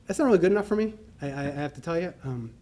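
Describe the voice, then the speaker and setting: A middle-aged New man talks fast and with a slightly raised pitch, telling a personal story to a conference room. He acts out the conversations, lifting his voice for the quoted lines. A faint hum of room ambience sits under his speech. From New York. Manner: animated storyteller acting out dialogue. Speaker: conference speaker. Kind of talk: personal story told to an audience. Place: conference hall.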